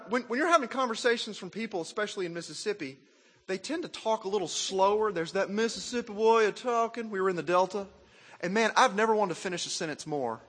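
A man from Arkansas, preaching a sermon in an animated, self-mocking way and asking the crowd questions. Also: high-pitched, in a large hall. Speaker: pastor.

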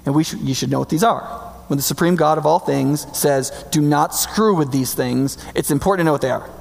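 Male preacher, emphatic sermon, high voice, gravelly, long hall reverb. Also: a little mellow. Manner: emphatic, conversational, slows for key words.

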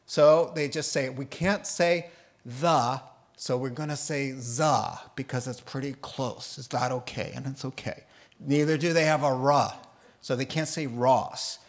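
A middle-aged man preaching a sermon, animated and often laughing as he mimics accents to make his point. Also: mid-range voice, unhurried. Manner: animated, laughing, putting on funny accents for examples. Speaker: pastor.

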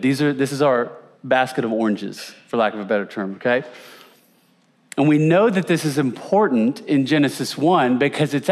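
Conversational man teaching a Bible lesson. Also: mid-range voice. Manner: conversational, asks the audience questions, repeats words for emphasis. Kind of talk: teaching sermon with slides.

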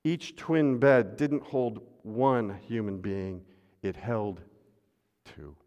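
A man preaching a sermon as pastor, swinging from loud refrains to hushed asides and calling on the congregation to repeat after him. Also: lowish voice, extremely slow, muffled recording. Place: church sanctuary. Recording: long hall reverb.

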